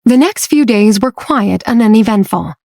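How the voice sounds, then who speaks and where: A woman reading a romance audiobook as scripted narration, telling the story slowly and evenly. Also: fairly high pitch, expressive, creaky, mellow.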